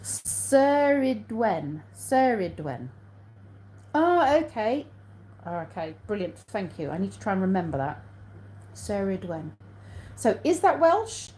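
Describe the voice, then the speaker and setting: A chatty English woman talks into her phone during a relaxed live stream, warm and mellow in tone. She reads viewer comments aloud, answers them, and laughs easily. A faint noise sits under her voice. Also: medium pitch, moderate pace, rough recording. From England. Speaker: vlogger hosting a live stream. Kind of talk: casual live-stream chat.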